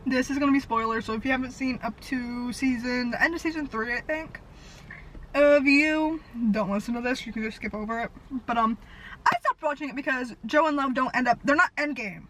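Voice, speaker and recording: Bright, high-voiced young woman vlogging. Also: a little hiss or hum, poor audio. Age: 20s. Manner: fast, animated storytelling with frequent "like". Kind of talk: casual rambling chat. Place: parked car.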